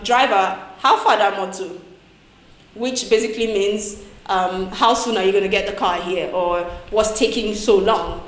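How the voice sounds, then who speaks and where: A young Nigerian woman with a Nigerian accent, hosting a playful, chatty language tutorial vlog and laughing often. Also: mid-range voice. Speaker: vlogger. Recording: echoey room.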